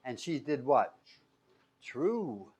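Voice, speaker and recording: Guy preaching a sermon, keeps asking the room stuff then answers it, gets loud then drops real quiet. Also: big pitch swings, drawn-out words, breathy edge. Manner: asks the room questions and answers them himself; swings between loud emphatic peaks and quiet low asides. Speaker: pastor.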